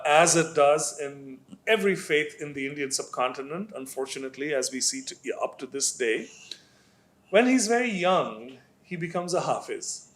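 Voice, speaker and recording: A male author at a literary panel, talking through a story in a measured, explanatory way with many fillers. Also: a little high.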